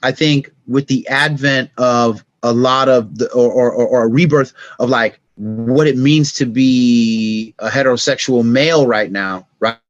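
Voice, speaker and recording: Animated storytelling man, dry sound. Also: measured pace, few pauses, no echo, highs cut off. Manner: animated, acts out scenes with sound effects; reflective, turns soft and low on emotional points. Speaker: podcast guest. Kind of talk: casual storytelling conversation.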